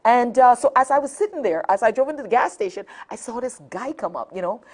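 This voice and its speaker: A woman's voice: fairly high pitch, fast. A middle-aged woman hosting a nighttime call-in talk show, telling a funny personal story and laughing often. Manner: animated storyteller, laughs often, repeats phone numbers.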